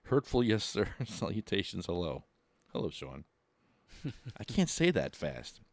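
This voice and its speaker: Low-voiced joking podcast host. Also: male voice, big pitch swings, unhurried, no room sound. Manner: jokey and laughing, talks in bursts. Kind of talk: casual podcast chat.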